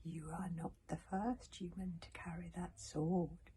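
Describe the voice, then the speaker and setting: A woman voicing an ancient, weary male dragon in a slow, hissing whisper while reading a story aloud. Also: fairly low pitch, fairly even intonation, warm tone, lightly acted. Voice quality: barely-there hissing whisper.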